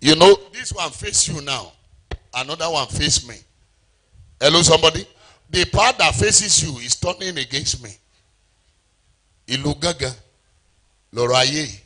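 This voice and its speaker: Middle-aged Nigerian male preacher, forceful bright tone, sing-song delivery that calls on the congregation. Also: on the high side, expressive, normal speed. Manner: call-and-response preaching, sings phrases. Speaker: pastor. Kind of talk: sermon.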